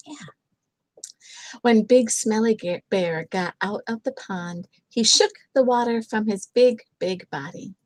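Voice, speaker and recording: An older woman reading a picture book aloud to her grandchildren, gentle and chatty, with lots of little asides. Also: mid-range voice, dry recording, poor audio.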